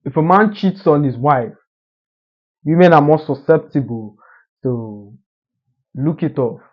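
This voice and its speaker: A man delivers a motivational monologue, assertive and lecturing, driving each point home. His voice sits slightly high. The recording is dull and lo-fi. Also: a little slow. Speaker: social media commentator.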